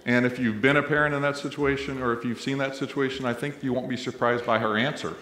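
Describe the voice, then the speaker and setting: A man's voice: mid-range voice, fast talker, fairly bright tone. Man telling stories to an echoey hall. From Missouri, US. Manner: humorous, conversational storyteller, playing to the audience. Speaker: college president and emcee. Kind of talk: ceremony speech with storytelling. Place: large indoor event hall.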